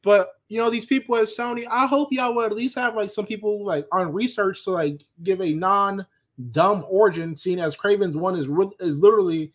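A man with a fairly high voice talking in a loose, rambling way on a casual podcast. He starts and restarts his thoughts in an easy, relaxed manner. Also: normal speed. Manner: rambling, many fillers and restarts, laid-back. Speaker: podcast co-host.

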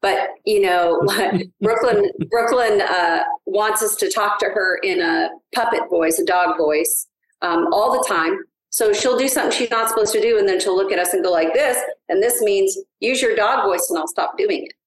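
A woman's voice: medium pitch, moderate pace. Eager middle-aged woman in an echoey room. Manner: eager, animated storyteller. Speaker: guest, adoptive mother. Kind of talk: casual podcast interview. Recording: roomy echo.

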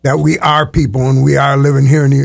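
An older man with an average-pitched voice speaks earnestly, circling back and restarting his thoughts as he reflects. He is a storyteller being interviewed in a studio. The sound is close and dry, with no room echo. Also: level tone, gravelly. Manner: earnest, halting, with many restarts.

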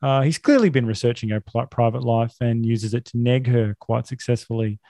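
A man co-hosting a podcast, recapping a film in deadpan sarcasm and mock outrage. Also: mid-range voice, fairly quick, dry recording, studio quality. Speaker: podcast co-host.

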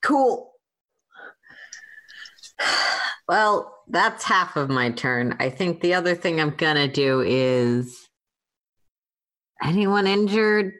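Woman player, low and lively voice, matter-of-fact at the table. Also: slow, pauses often. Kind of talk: playing a tabletop game.

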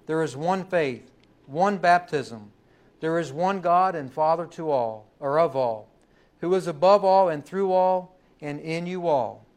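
Male pastor, slightly higher voice, emphatic sermon delivery in church. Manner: emphatic preaching, rising and slowing on key words.

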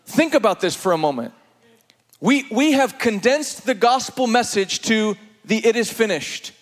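High-voiced animated male preacher. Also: measured pace. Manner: animated, playful, laughing asides to the congregation. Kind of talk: energetic sermon.

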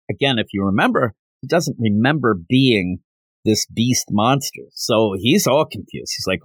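A man hosts a casual solo podcast recap, chatty and digressive, laughing as he goes and acting out quotes. His mid-range voice is expressive and husky at a normal speed, recorded dry.

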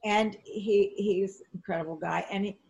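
A middle-aged woman telling lively anecdotes in an interview, jumping up in pitch as she acts out what people said. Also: normal speed, gravelly, lo-fi sound. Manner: animated, acts out quotes in a high excited voice, frequent restarts. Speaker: actress and flight attendant, interview guest. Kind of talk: conversational storytelling.

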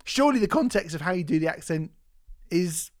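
A man's voice: sits high, lively intonation, fairly quick, a little mellow. A man, co-hosting a podcast in casual chat, rambling and laughing often. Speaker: podcast co-host.

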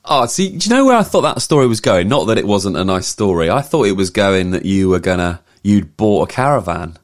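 A man's voice: deep voice, a little fast. A man hosting a casual podcast chat, often restarting his sentences. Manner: hesitant, restarts, lively. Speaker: podcast host.

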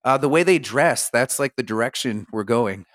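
A man co-hosting a podcast, joking and swearing, with animated mocking impressions. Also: medium pitch, normal speed. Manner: animated, jokey, swears, mimics voices. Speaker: podcast co-host. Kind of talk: casual chat.

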